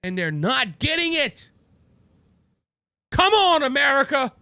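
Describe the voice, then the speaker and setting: Fiery high-pitched Cajun man ranting. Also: big pitch swings, slow pace, pushed and bright, dry recording. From Louisiana. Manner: impassioned, raises voice, repeats words as he restarts. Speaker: political show host. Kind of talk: political commentary rant. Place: studio with a monitor.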